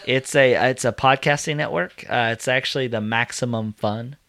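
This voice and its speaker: A man's voice: medium pitch, moderate pace, gravelly, sharp tone. A man co-hosting a podcast, chatting casually and rambling through a recommendation. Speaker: podcast co-host. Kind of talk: casual chat.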